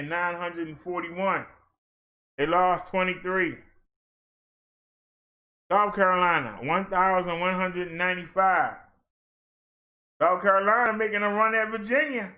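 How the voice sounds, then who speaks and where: Running down his daily figures on a casual livestream, a fitness streamer from Maryland, USA, reads a long list of numbers. His voice is high for a man, with a bright, forceful tone, and he keeps interrupting himself with playful asides and exclamations.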